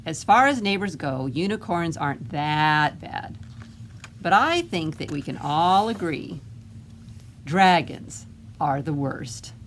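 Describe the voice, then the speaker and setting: A woman's voice: deep voice, expressive, slow pace, a little hiss or hum. A woman reading a picture book aloud, voicing a grumpy, self-important male goblin with an indignant, sarcastic way of complaining. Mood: grudging.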